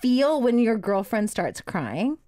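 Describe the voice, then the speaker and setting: Lively woman radio host. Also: on the high side. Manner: lively, quick agreeing backchannels. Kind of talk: casual radio chat. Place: radio studio. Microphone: studio mic.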